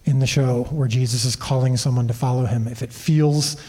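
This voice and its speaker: A man's voice: medium pitch, a little fast. A man telling behind-the-scenes stories as an interview guest on a convention stage, with many restarts. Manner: animated anecdotes with frequent restarts. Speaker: TV series creator and director, interview guest.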